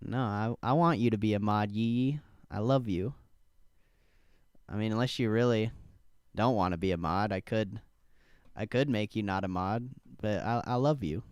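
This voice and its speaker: A man's voice: on the low side, moderate pace, pauses often, clean tone, no room sound, studio quality. A young man hosting a live trading stream, laid-back, swearing casually and laughing often as he answers chat. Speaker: stock trading livestream host.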